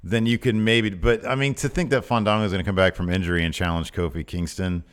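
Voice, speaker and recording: A man co-hosting a casual wrestling podcast, rambling with lots of fillers and sudden lively jumps. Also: quick pace, smooth. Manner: rambling, filler-heavy, animated jumps in pitch. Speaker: podcast co-host.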